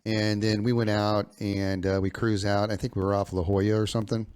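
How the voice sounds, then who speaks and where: A man hosting a podcast who tells his story hesitantly, with many filler pauses. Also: fairly low pitch, level tone, darkish tone, slight background noise. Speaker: podcast host. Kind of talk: casual chat.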